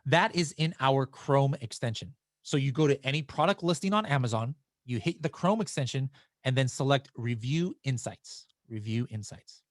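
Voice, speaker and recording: A man hosts a live webinar and works through viewer questions in a loose, chatty manner. His pitch sits in an ordinary middle range. The sound is dry and close, with no room echo. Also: lively intonation, moderate pace. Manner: casual and chatty, with frequent restarts and fillers.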